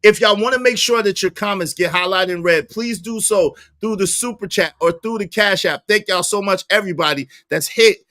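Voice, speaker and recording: High, bright-voiced livestream host. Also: male voice, moderate pace, few pauses, dry recording, clean studio sound. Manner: shouts out viewers and reads chat aloud; animated, argues points emphatically. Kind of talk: live stream commentary.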